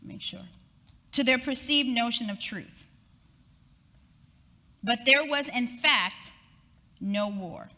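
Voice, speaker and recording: Mom guest speaker telling a story, bright ringy voice, kinda high, big hall echo. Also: female voice, slow, long pauses. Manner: lively, dramatic storyteller. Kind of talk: storytelling talk.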